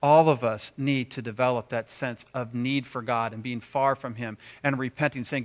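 A man preaching a sermon, animated, acting out quoted voices with big swings between loud and quiet. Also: mid-range voice, moderate pace, hardly any pauses. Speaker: pastor.

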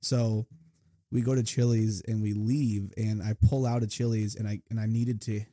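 A man's voice: fairly low pitch, level tone, normal speed, mellow, no echo, studio quality. A young man telling stories in a casual chat, laughing often and quoting people in a raised voice. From Maryland, United States. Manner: storytelling, laughs often, quotes others in raised voice. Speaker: podcast co-host.

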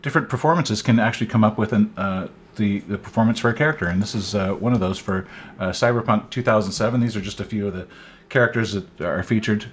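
A man's voice: lowish voice, quick pace, slight background noise. A man co-hosting a tech podcast, explaining at length with many restarts. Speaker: podcast co-host. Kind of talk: casual tech podcast chat.

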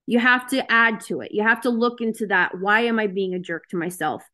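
A woman's voice: mid-range voice, fairly even intonation, fairly quick, sharp tone. A woman giving a casual motivational talk to her group over a video call, speaking frankly and chattily with lots of fillers. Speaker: host of a self-help session.

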